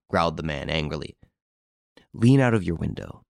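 A man with a very low voice reads a classic detective novel aloud. His delivery is even and measured, and the characters' lines get only a light touch. The recording is dry and close, with no room sound. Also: vocal fry, no room sound. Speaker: narrator. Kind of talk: scripted audiobook narration.

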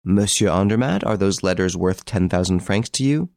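A man voicing a suave gentleman thief in an audiobook, cool, ironic and commanding. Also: low-pitched, expressive, normal speed, creaky, no room sound, clean studio sound.

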